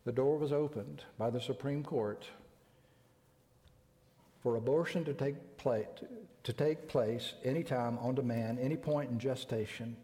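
An older man from the United States delivers a sermon in an emphatic, deliberate way, stretching out the words he wants to land. His voice sits at an ordinary middle pitch for a man. It rings with a long reverb. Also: mellow. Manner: emphatic, deliberate, slows down to stress key words. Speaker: preacher.

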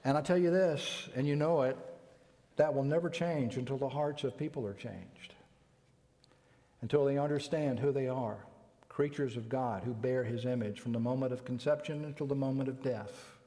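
An older man from the United States preaching a sermon, emphatic and deliberate, slowing down to stress key words. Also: mid-range voice, warm tone. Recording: long reverb.

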